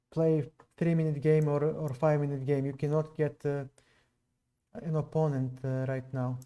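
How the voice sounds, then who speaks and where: A Serbian man with a non-native English accent is live-streaming chess, musing to viewers between moves. His voice is fairly high in pitch with a dark tone.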